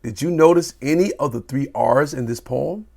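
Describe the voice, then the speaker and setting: A man teaching a children's poetry lesson, reading aloud in an animated, playful way with sound effects. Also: medium pitch, normal speed, vocal fry.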